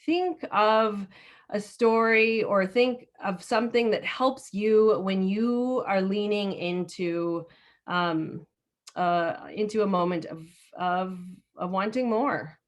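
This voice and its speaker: A woman's voice: medium pitch, slow. A woman leading a discussion session over a video call, telling a story in a casual, chatty way full of filler words. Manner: chatty, many fillers and restarts. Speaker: discussion leader.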